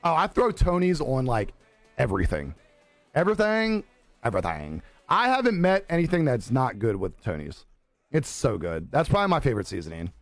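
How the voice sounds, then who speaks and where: Laid-back young streamer guy, lively voice. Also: mid-range voice, fairly quick, no room sound. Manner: laid-back, laughs often, swears casually. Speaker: live streamer. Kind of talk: casual chat reading viewer comments. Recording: dry close sound with faint music behind.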